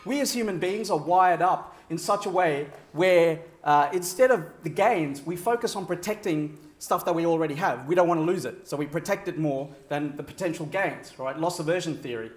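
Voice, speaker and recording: A man's voice: fairly high pitch, normal speed, few pauses. A man delivering a conference keynote, talking to the audience and checking in with frequent "right?" asides. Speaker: keynote speaker. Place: large conference hall. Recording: roomy echo of a large hall.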